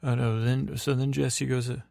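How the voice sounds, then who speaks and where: A man's voice: mid-range voice, level tone, normal speed, vocal fry, darkish tone, no room sound, studio quality. A man hosting a bedtime podcast, rambling through a meandering recap full of fillers and digressions. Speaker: podcast host.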